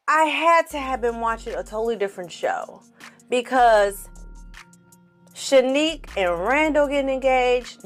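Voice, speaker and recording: A woman giving a casual reaction commentary on a TV show, blunt and sassy, swearing freely and talking straight to her viewers. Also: fairly high pitch. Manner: talks straight to the audience. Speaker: TV reviewer.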